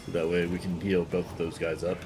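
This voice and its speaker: A man's voice: low-pitched, little pitch movement, brisk. A man streaming a role-playing game, talking through his moves in a laid-back way over game music. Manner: laid-back, talks himself through each move. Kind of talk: let's-play commentary. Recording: game music loud behind voice.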